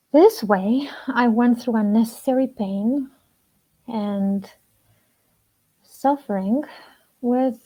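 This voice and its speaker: A woman relationship coach speaking slowly and deliberately to camera, soft-spoken with long pauses, in a personal talk. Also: fairly high pitch. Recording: dull lo-fi sound.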